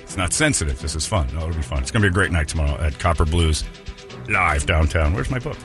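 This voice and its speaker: A man's voice: a bass voice, expressive, quick pace, over music. A man hosting a radio morning show, joking with his co-hosts, laughing often and slipping into impressions. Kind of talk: casual radio banter. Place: radio studio. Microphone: studio microphone.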